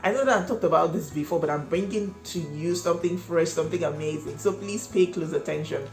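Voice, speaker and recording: A woman with a fairly low voice coaches small business owners, stressing and repeating her points. She sounds like she is in an echoey room, with faint music in the background. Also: a little fast, gravelly, a little mellow. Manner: emphatic, repeats key points, asks viewers questions. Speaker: cake business owner and channel host. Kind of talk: instructional vlog talk.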